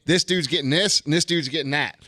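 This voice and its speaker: A man's voice: on the high side, fairly quick, sharp tone, no room sound, studio quality. A man hosting a podcast in casual chat, blunt and teasing, swearing constantly. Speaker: podcast host.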